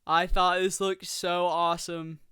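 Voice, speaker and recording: A young man in his twenties co-hosting a podcast, chatting excitedly about a film and rambling through his points. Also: high voice, unhurried, smooth, dry recording, studio quality. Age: 20s. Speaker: podcast co-host. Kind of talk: casual film review chat.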